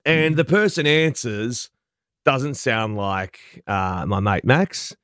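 A man's voice: mid-range voice, slow pace, fairly bright tone, clean tone, dry recording, clean studio sound. A man in his forties with an Australian accent, telling a self-deprecating story in casual breakfast radio banter. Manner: chatty anecdote teller, self-deprecating.

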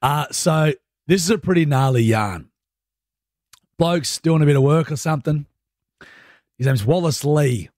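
A man's voice: on the high side, a little slow, long pauses, a little mellow, no echo, studio quality. A man hosting drive-time radio, bantering and teasing his co-hosts. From Australia. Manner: teasing, playful. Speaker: radio host. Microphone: studio microphone.

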